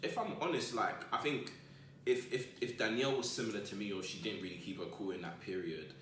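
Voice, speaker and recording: A young man talks in an easygoing way, dropping in slang. His voice is low but bright, heard from a little off mic in a very echoey room. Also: brisk, distant mic, slight background noise. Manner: laid-back, chips in with slangy asides. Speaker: co-host. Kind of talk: casual chat.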